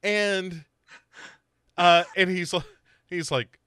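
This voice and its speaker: A man's voice: high voice, slow pace, long pauses, bright, forceful tone, clean tone, dry recording. A man co-hosting a casual comedy podcast, recapping a TV show and jokingly acting out the characters. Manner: jokey, acts out characters in silly voices. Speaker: podcast co-host.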